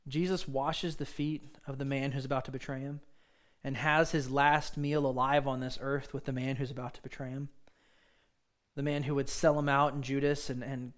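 A man preaching a sermon to his congregation in an earnest, conversational way, with frequent fillers and restarts. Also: medium pitch. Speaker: pastor.

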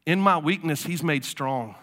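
Male pastor, sermon, conversational storyteller, bright tone. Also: on the high side, animated, unhurried. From South Carolina. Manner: conversational storytelling preacher, casual fillers.

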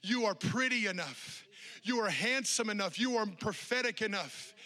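A male preacher voicing Jesus as a gentle, loving man, speaking slow, tender affirmations that are partly whispered. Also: sits high, lively intonation, voice pushed up. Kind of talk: quoted voice in a sermon.

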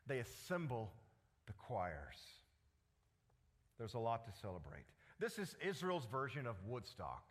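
A man preaching a sermon as pastor, animated and full of rhetorical questions. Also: medium pitch.

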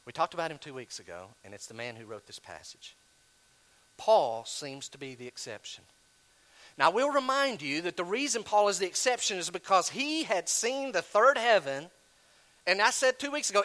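A man preaching a sermon, animated, swinging between loud emphasis and hushed asides. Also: sits high. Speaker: pastor.

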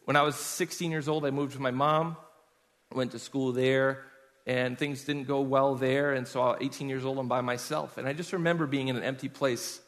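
A man's voice: mid-range voice, fairly even intonation, normal speed, fairly bright tone. A man preaching a sermon in a conversational way, telling personal stories to his congregation. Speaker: pastor. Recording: long hall reverb.

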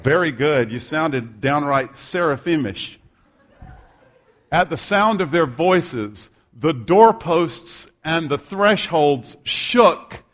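A man's voice: a little high, fairly bright tone. A male pastor preaching a sermon, reading scripture aloud and adding humorous, self-deprecating asides.

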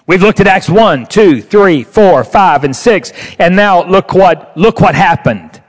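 A man with a very high voice delivers a sermon in a church. He speaks slowly and emphatically, stretching the words he stresses. The sound rings with the long reverb of a large hall. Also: expressive. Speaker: preacher. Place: church sanctuary.

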